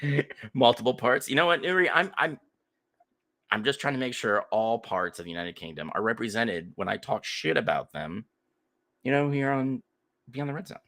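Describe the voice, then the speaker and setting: A man co-hosting a podcast in casual chat, telling stories in a crude, animated, profane way. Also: medium pitch, normal speed. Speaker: podcast co-host.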